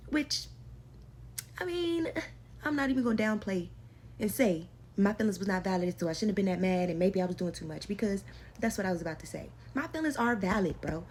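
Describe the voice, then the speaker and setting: A woman's voice: mid-range voice, expressive, a little fast, darkish tone, breathy edge. A young adult woman telling her own story in a casual storytime vlog, slangy and emphatic, repeating lines for effect.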